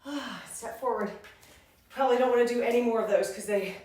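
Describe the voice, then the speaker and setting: A woman's voice: fairly high pitch, a little fast, darkish tone, heavy reverb, recorded from a distance. A woman leading a pilates and yoga workout, counting reps and calling out moves while out of breath. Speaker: fitness instructor. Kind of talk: workout instruction.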